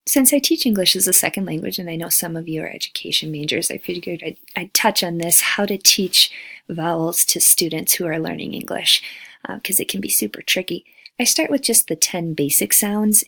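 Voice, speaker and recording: A woman, an English as a second language teacher, giving a recorded lecture and slowly modeling vowel sounds. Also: fairly low pitch, creaky, fairly bright tone, dry recording.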